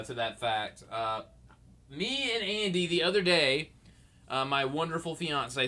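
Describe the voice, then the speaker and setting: A man's voice: on the high side, pushed and bright. A young man hosting his own podcast, rambling and joking at himself, groggy from just waking up. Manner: rambling, jokey, self-mocking. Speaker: podcast host. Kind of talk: casual solo podcast chat.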